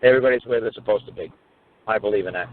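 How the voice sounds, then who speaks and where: Rapid-fire and fairly low-pitched, the radio talk host swears his way through an emphatic, casual courtroom tale. Now and then he raises his voice to mimic others, and the audio sounds tinny, like a phone line.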